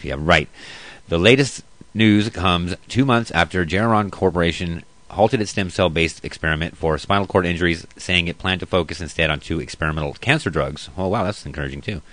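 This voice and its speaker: A man's voice: low-pitched, a little fast, a bit bright, dry recording. A man hosting a casual commentary show who reads news aloud and then rants about it, profane and blunt. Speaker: host.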